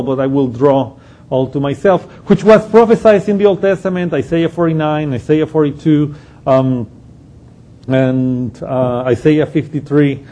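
A man's voice: fairly high pitch, dark tone. A man giving an unscripted Bible study lesson, explaining a passage step by step and thinking aloud as he goes. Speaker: Bible teacher.

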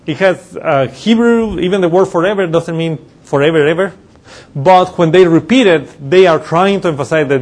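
A man preaching a sermon, explaining scripture in a loose teaching way with pauses and self-corrections. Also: fairly high pitch, a little mellow. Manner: uses slides while teaching.

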